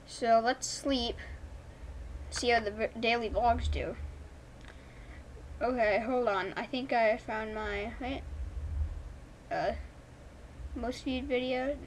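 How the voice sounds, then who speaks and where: A young woman from Canada giving chatty, excitable commentary while playing a game at home, thinking aloud. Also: fairly high pitch, takes it slowly, long pauses, slight background noise. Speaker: gaming YouTuber. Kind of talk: casual gameplay commentary. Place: home room. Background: family's movie faint in background.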